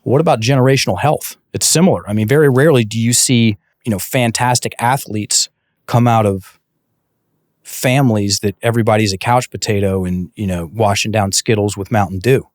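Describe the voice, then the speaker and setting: Animated man telling a coaching story. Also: fairly low pitch, brisk, no echo, studio quality. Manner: animated, many restarts, acts out quoted dialogue. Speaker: guest, breathwork and mindset coach. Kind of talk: casual conversational storytelling.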